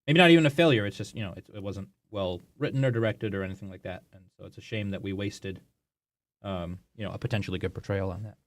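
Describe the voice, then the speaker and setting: A man co-hosting a live talk show in casual chat, relaxed and reflective, trailing off softly. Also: lowish voice, fast talker, dry recording.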